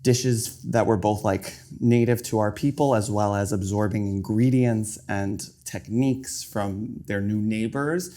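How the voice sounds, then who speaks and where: A young man talks casually while he cooks. His voice sits on the low side, and he explains as he goes, with plenty of "like" and "um". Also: unhurried, few pauses, warm tone. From New York. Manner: chatty, explaining as he cooks, many fillers like "like" and "um". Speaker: chef and cookbook author guest. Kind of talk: casual chat while cooking.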